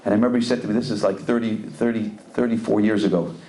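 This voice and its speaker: A man's voice: fairly low pitch, little pitch movement, fast, mellow. A middle-aged man, a rabbi, giving a storytelling Torah lecture and mixing Hebrew and Yiddish terms into English. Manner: storytelling, repeats words while searching for a phrase. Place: community center event hall.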